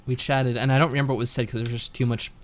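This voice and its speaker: A very fast talker of medium pitch, this streamer plays through a visual novel, chatting loosely and reading the narration out with lively expression.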